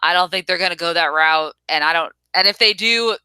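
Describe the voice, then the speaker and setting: A woman with a bright, smooth, clear voice chats casually as a co-host, spinning theories and laughing easily. Her pitch sits in the middle, and the sound is dry and close. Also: a little fast, no room sound. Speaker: podcast co-host. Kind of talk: casual chat reviewing a TV episode.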